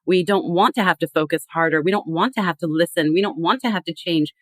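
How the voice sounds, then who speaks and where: A woman's voice: fairly low pitch, quick pace, dry recording. A woman guest in a podcast interview, explaining earnestly and acting out quoted phrases.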